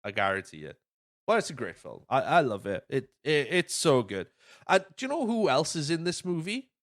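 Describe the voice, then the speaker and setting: A man's voice: on the high side, very animated, normal speed, a bit bright, no echo, studio quality. A man hosting a podcast, telling stories casually with lots of swearing and acted-out quotes. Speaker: podcast host. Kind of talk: casual chat.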